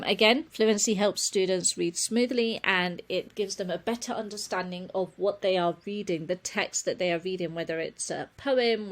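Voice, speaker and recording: A woman presenting a webinar on children's reading, speaking earnestly and often correcting herself with a quick apology. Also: medium pitch. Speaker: reading teacher giving a webinar.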